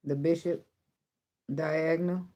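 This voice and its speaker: A woman's voice: sits low, fairly even intonation, slow pace, warm tone. Blunt, profane woman reading tarot. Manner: blunt, profane, laughs often. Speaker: tarot reader.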